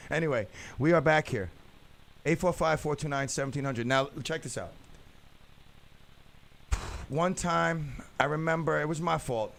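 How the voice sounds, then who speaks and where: A man hosting a radio show, telling rambling comic stories in a loud, animated way. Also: fairly high pitch, a little slow, vocal fry, long pauses, a little hiss or hum. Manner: loud, rambling storyteller who acts out the people in his stories. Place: radio studio.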